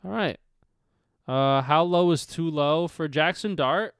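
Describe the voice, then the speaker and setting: A man's voice: a little high, slow pace, clean tone, no echo, studio quality. A young man hosting a casual sports livestream, talking loosely, laughing, swearing and trailing off. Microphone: headphones on, close mic.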